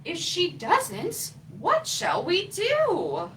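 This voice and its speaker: A woman's voice: very high voice, huge pitch swings, extremely slow, fairly bright tone, recorded from a distance, pitched above the performer's own voice, heavily acted. A woman voicing hungry baby birds who chirp and fret while they wait in their nest. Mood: worried. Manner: chirping, worried. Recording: faint room noise, voice from off-mic.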